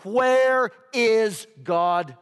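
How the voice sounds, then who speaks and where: A man's voice: high-pitched, extremely slow, a bit bright, clean tone, in a large hall, exaggerated voice. A man playing a stern robed pastor. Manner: stern, questioning. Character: stern robed male pastor, firm and impatient.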